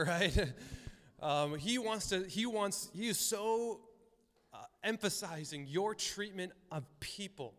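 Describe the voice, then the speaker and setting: Chatty pastor in a reverberant hall. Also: male voice, a little high, fairly bright tone. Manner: casual and chatty, acts out voices in the stories. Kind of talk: conversational sermon.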